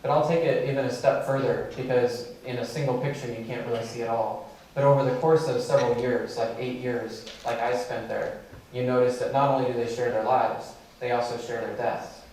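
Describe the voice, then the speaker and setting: A man's voice: mid-range voice, fairly quick, slight background noise. Male keynote speaker, chatty storyteller, recorded from a distance in a very echoey hall. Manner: conversational, many fillers, animated storytelling. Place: large lecture hall.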